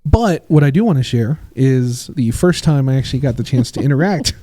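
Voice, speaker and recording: A man hosts a podcast interview in a casual, chatty style, telling stories and acting out quotes with a rising pitch. He sounds animated and a little fast, with a dark tone and no room sound.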